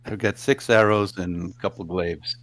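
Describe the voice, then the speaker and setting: A man's voice: sits low, steady tone, moderate pace, a bit bright. A man playing in a tabletop game, making short, terse remarks. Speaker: player. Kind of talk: casual tabletop play.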